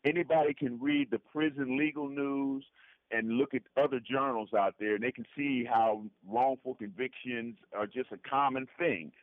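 A man's voice: mid-range voice, fairly even intonation, normal speed, dry recording. A man calling in to an interview, talking earnestly and repeating himself often. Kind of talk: phone-in conversation. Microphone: phone. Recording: tinny prison phone line.

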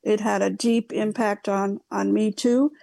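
Older woman hosting radio talk, gravelly, dry studio, halting with restarts. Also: mid-range voice, little pitch movement, dark tone, dry recording. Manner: halting, many fillers and restarts. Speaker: radio host.

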